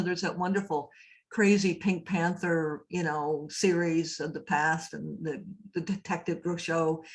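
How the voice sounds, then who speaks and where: A woman priest giving a conversational lecture, telling stories and often turning to ask her listeners questions. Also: mid-range voice. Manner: storytelling, often asks the audience questions. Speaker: priest and labyrinth teacher giving a talk. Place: cathedral speaker event.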